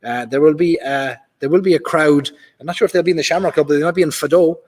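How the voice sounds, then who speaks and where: A man's voice: on the high side, fast talker, darkish tone. A man with an Irish accent hosting a live whiskey stream, chatting casually and reading out viewer comments from a club hall. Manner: chatty, reads out viewer comments, many fillers. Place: large club function hall. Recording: reverberant hall.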